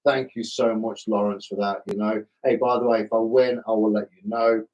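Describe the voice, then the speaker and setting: A man's voice: lowish voice, level tone, normal speed, darkish tone, dull audio. Chatty man hosting a live stream. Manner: chatty, self-deprecating, chummy with viewers. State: slightly hoarse. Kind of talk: casual live chat reading viewer comments.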